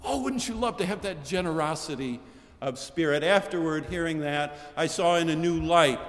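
An older man preaching a sermon in a measured, rhetorical cadence, building lists and repeated phrases. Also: on the high side. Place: large chapel. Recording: long chapel reverb.

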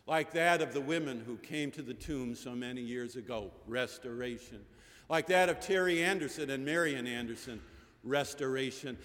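A middle-aged man delivers an Easter sermon in a slow, deliberate voice that climbs to emphatic peaks as the story builds. His voice sits a little high for a man. The sound rings with the long reverb of a large chapel. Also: fairly bright tone. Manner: storytelling preacher with rising emphatic cadences. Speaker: pastor.

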